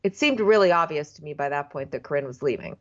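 A woman's voice: deep voice, expressive, fast, muffled recording. A woman co-hosting a casual chat, making dry jokes. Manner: dry, wisecracking. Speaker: podcast co-host.

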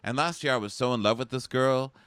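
Snarky young man, crisp voice. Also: medium pitch, a little fast, a bit bright, no echo. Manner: snarky, acts out people's lines in exaggerated voices. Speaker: podcast co-host. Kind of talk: casual recap chat with mocking impressions.

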